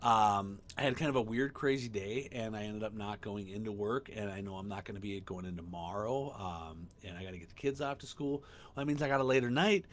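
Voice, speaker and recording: A man in his thirties hosting a casual solo podcast from home, rambling, swearing and getting excited. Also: on the low side, brisk. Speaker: podcast host. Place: home room.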